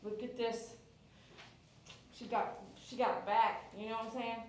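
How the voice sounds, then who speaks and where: A woman's voice: on the high side, flat delivery, measured pace, a little mellow, a little hiss or hum. A woman dog groomer chatting live with viewers while she works, cooing and baby-talking to the dog and breaking into cheers. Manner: coos and baby-talks to the dog, bursts into cheers. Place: grooming salon. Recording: echoey room.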